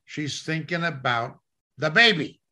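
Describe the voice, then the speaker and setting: A male Bible teacher preaching in an emphatic, repetitive style, his voice bright and forceful. He speaks slowly and deliberately, leaning on each phrase. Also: on the high side, expressive. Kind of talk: sermon teaching.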